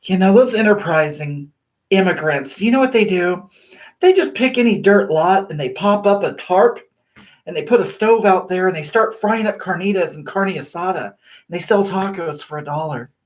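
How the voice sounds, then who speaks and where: A woman's voice: fairly low pitch, moderate pace, close to an everyday voice. A woman playing a vain livestreamer who chats from her bathroom, reading viewer comments aloud, gushing over compliments and snapping back at critics. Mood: chatty. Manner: gushing and self-flattering, sassy toward critics. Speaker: livestream host. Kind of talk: live-stream chat reading viewer comments. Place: small bathroom.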